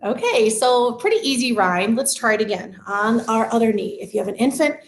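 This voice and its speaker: A woman music teacher leading a live parent-child class, chanting nursery rhymes slowly in a sing-song way with rising inflection. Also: a little high, animated, slight background noise. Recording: echoey room.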